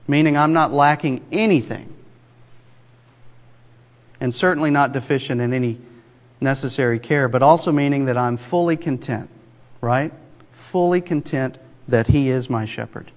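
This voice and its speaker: Male preacher, mid-pitched, chatty but emphatic sermon delivery, long hall reverb. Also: normal speed, pauses often. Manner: conversational, emphatic, rhetorical asides.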